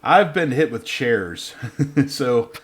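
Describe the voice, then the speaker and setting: A man's voice: medium pitch, big pitch swings, slow pace. A man in his thirties co-hosting a casual podcast, rambling and correcting himself, laughing often. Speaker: podcast co-host.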